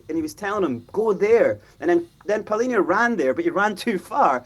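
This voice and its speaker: Animated man with a husky voice. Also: high-pitched, normal speed, few pauses. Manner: animated, acts out players' voices. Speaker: fan pundit. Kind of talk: football fan show discussion.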